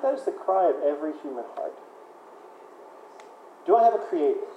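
A man's voice: sits high, big pitch swings, fairly quick, pauses often, reverberant, muffled recording, a little hiss or hum. A man preaching a sermon in a conversational way, often repeating words and using fillers. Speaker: pastor.

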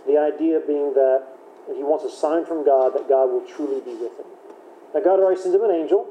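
A man's voice: on the high side, fairly quick, dull audio. A man leading a Bible study class, talking casually and chatty, correcting himself now and then. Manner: conversational, chatty, self-correcting with light laughs. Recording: echoey room with faint background noise.

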